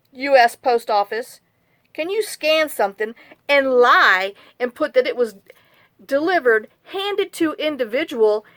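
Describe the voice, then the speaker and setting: A woman's voice: high-pitched, no room sound. Chatty woman venting while crafting. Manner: chatty, rambling storyteller, venting complaints. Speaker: journal-making craft vlogger. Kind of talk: casual chat while crafting.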